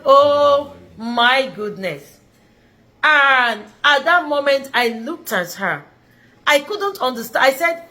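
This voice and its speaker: A woman's voice: high voice, lively intonation, slow pace, bright, forceful tone. A middle-aged woman vlogger telling a personal story, earnest and emphatic, repeating phrases for stress.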